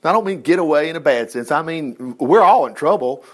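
A man preaching a sermon, telling scripture stories in a folksy, animated way with asides and chuckles, swooping from excited high bursts to low quiet remarks. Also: brisk.

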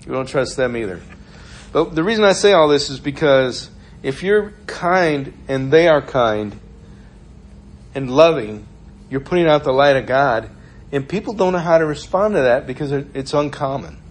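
A man's voice: mid-range voice, animated, moderate pace. A man giving an informal sermon in a conversational, storytelling way, laughing often as he talks. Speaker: preacher.

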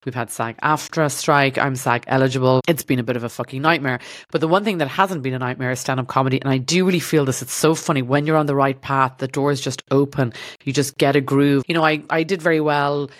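An Irish woman hosts a podcast from a studio, her rumbling low voice steady in tone and a little fast, with no room sound. She delivers a rambling, self-deprecating comedic monologue and swears freely.

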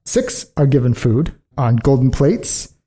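A woman co-hosting a casual podcast, retelling a fairy tale with a giggle and quick put-on voices for the characters. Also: extremely low pitch, very animated, warm tone, slightly rough. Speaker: podcast co-host.

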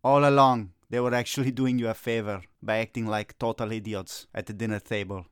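A man's voice: fairly low pitch, level tone, fairly quick, clean tone, dry recording, clean studio sound. Melodramatic middle-aged soccer-coach man. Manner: gloomy, melodramatic rants that flare into agitated Italian cursing. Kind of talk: comedic sketch dialogue.

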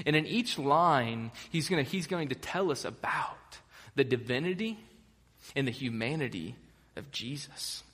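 Young american guy preaching, laid back and excited, lots of ums, big echoey church hall. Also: medium pitch, measured pace, slightly rough. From United States. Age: young adult. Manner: casual, chatty and enthusiastic, with many fillers. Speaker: pastor. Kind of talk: sermon. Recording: long reverb of a large hall.

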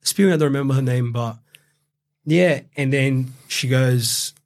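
A man's voice: mid-range voice, steady tone, normal speed. Swearing Australian man telling his story. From Brazil, raised in Australia. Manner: rambling, heavy swearing and fillers, quotes himself. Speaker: guest. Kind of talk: casual interview storytelling.

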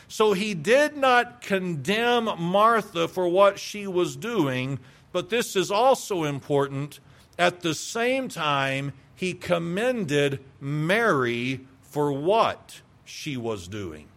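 A man's voice: sits high, lively intonation, slow pace, fairly bright tone. A male pastor preaching a sermon, emphatic, asking rhetorical questions and repeating phrases for weight.

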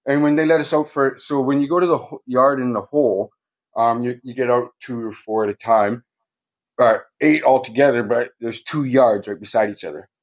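A man's voice: mid-range voice, fairly even intonation, moderate pace, highs cut off. A man telling stories as a podcast guest in a casual, rambling way, swearing constantly and ending sentences with "right?". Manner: rambling, heavy swearing, frequent "right?" tags. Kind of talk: casual storytelling interview.

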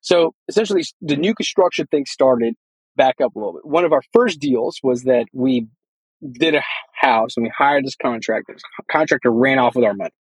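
A man with a slightly husky voice tells his story in a relaxed interview. He rambles a little and slips into quoted dialogue as he goes. The sound is dry and close. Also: mid-range voice, brisk, no room sound, low-quality recording. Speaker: guest, real estate investor.

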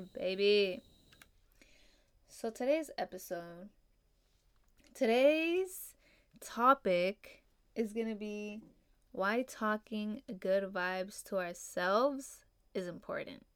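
A young woman chats through her solo podcast in a relaxed, upbeat way, leaning on "like" and "you know" as she goes. Her voice comes across smooth and clear. The recording is close and dry. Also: mid-range voice, dry recording. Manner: laid-back, upbeat, heavy on fillers like "you know" and "like". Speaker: podcast host. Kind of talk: casual solo podcast talk.

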